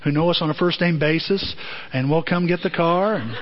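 Animated preacher man, high voice. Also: a little fast. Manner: animated storytelling, acts out voices in high falsetto. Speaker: pastor. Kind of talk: sermon with acted-out story. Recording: dull lo-fi sermon audio.

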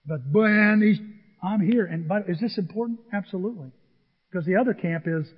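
A man's voice: high voice, fairly quick, breathy edge. Man preaching in a big echoing hall. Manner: animated preaching with acted-out quotes. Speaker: pastor. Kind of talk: sermon. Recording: dull sound in a large reverberant hall.

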